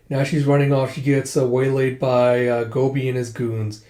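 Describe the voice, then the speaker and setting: A man's voice: medium pitch, monotone, moderate pace, few pauses, mellow, roomy sound. A man casually retelling a comic chapter, loose and full of fillers. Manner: loose, filler-heavy storytelling. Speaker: comic reader.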